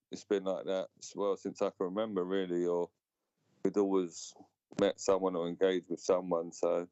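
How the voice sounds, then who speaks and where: A man's voice: deep voice, mellow, clear, resonant tone, no room sound. A man, chatting casually on a live stream and dropping "mate" between phrases. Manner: laid-back, drawn-out fillers and "mate". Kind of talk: casual chat. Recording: dull, dry home recording.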